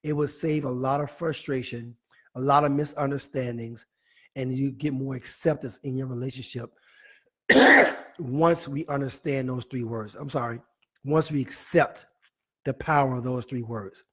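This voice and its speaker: A man hosting a live online talk show, playfully reading out viewer comments with animated, teasing asides. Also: medium pitch, measured pace, husky. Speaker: host.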